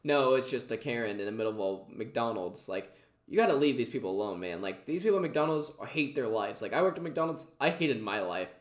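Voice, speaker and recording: A man's voice: mid-range voice, lively intonation, a little fast, roomy sound. A man casually reacting to clips, chatty and full of fillers. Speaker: reaction video host.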